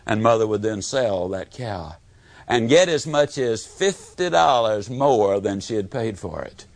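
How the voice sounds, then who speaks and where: A man giving a motivational talk, telling homespun stories and swinging from booming emphasis to hushed tones. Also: expressive, measured pace, gravelly, no room sound. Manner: folksy storyteller, swooping from booming to hushed. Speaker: motivational speaker.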